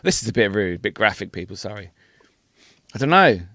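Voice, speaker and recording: A man's voice: lowish voice, sing-song, brisk, sharp tone. A man co-hosting a casual podcast who teases his friend with crude jokes and frequent laughter. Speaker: podcast co-host. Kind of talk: casual banter.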